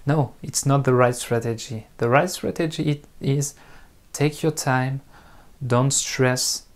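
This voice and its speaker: A man with a French accent, a native French speaker, talking slowly and carefully to camera as an online French teacher, with many pauses and restarts. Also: mid-range voice. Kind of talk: casual talk to camera.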